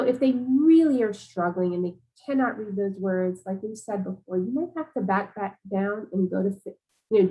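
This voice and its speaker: A woman's voice: medium pitch, mellow, poor audio. Chatty woman leading a teacher workshop. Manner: casual, conversational, many fillers. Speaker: teacher trainer. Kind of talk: professional development webinar talk.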